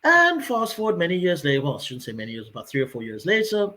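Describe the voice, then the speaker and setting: A man in his forties on a casual podcast, telling a personal story with lively acted-out dialogue. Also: on the high side, fast talker. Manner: animated storyteller who acts out quoted dialogue.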